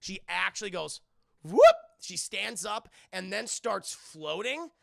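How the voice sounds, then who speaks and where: A man recapping a film to a live chat in a rambling, profane, animated way, with a gravelly voice. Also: sits high, a little slow, no room sound, clean studio sound. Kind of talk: casual spoken film recap.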